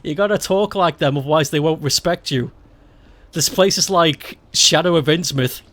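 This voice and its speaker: A man's voice: fairly high pitch, normal speed, a bit bright. A young man from Stoke chatting casually on a gaming live stream, swearing freely and laughing often. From Stoke-on-Trent, England. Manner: swears a lot, laughs often, rambling and candid. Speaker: game streamer.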